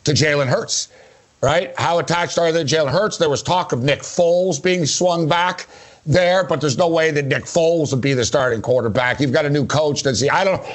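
A male sports show host who talks in a chatty, rambling way and throws in sarcastic jokes. His voice sits a little higher than most men's. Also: moderate pace. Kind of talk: casual sports talk.

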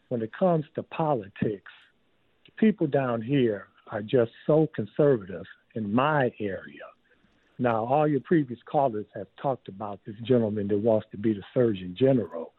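A man's voice: medium pitch, expressive, normal speed, husky, no echo. A man from Detroit calling in to a radio show, plainspoken and matter-of-fact. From Detroit, Michigan. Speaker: caller. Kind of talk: phone-in comment. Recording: tinny dry phone line.

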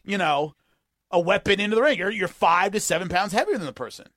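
A man hosting a sports talk radio show, ranting in an animated and exasperated way. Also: sits high, fast talker, no echo.

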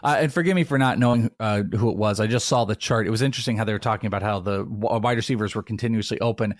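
A man co-hosting a casual football podcast, talking in a rambling, animated way with quick asides. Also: lowish voice, no room sound, clean studio sound. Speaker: fantasy football podcast host. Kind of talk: casual sports chat.

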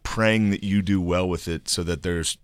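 A man's voice: low voice, fairly even intonation, normal speed, clear, resonant tone, no echo, studio quality. A man who is a guest comedian, chatting casually on a podcast in a loose, profane, self-deprecating way.

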